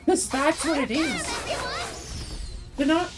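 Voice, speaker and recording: A woman's voice: high-pitched, slow pace, over music. A tired woman streaming a video game, ranting in a casual, sarcastic way. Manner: animated, sarcastic, mocking put-on voices. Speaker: gaming streamer. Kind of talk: casual ranting over gameplay.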